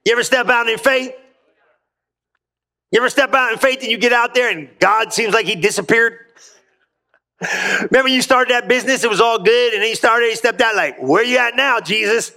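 A man preaching a lively sermon, talking casually with slang and frequent asides to the congregation, telling stories between scripture. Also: very high-pitched, fairly quick, pauses often. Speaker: pastor.

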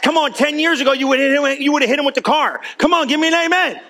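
Speaking fast in a very high, bright, forceful voice with vocal fry, a pastor preaches in church, chatting to the congregation like a friend and repeatedly urging claps and amens.

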